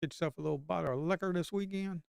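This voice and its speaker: A man with a smooth, fairly high voice gives loose live-trading commentary from a home desk. He coaxes the chart aloud and mutters curses at it. The recording is dry and close. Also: racing, no echo. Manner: talks to the screen, coaxing the market aloud; mutters and curses under his breath. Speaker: livestream day trader.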